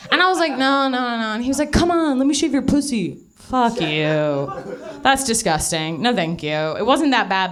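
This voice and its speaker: A woman's voice: a little high, fairly bright tone. A young woman doing live stand-up, telling a rambling, self-mocking story full of swearing and laughter, a little out of breath. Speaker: stand-up comedian. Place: live comedy venue.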